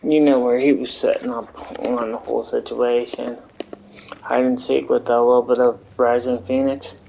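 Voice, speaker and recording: A man's voice: medium pitch, level tone, moderate pace, creaky, mellow, slight background noise, low-quality recording. A man streaming a game live, chatting casually and rambling to his viewers and friends. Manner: rambling, talks to chat and friends. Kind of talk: casual gaming stream chat.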